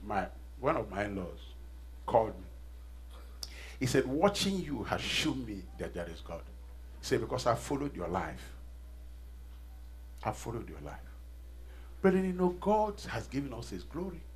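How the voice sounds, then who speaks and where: A man's voice: medium pitch, big pitch swings, measured pace, long pauses, breathy edge. A middle-aged man preaching a sermon, leading call-and-response and repeating phrases with rising intensity. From Nigeria. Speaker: pastor.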